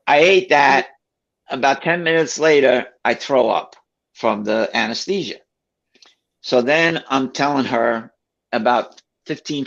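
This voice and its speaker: A man with a gravelly voice tells a story in a relaxed, chatty way. He brings it to life by acting out what each person said. The recording sounds a little dull and lo-fi. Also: medium pitch. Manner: animated, acts out quoted voices.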